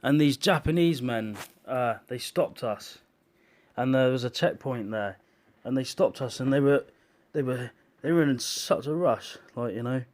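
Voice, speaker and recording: A man speaks in a solemn, emotional tone as he gives a personal testimony. His delivery is halting, full of restarts and filler words, and his voice sits at an ordinary middle pitch. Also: darkish tone. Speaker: video maker sharing visions. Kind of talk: earnest personal testimony monologue.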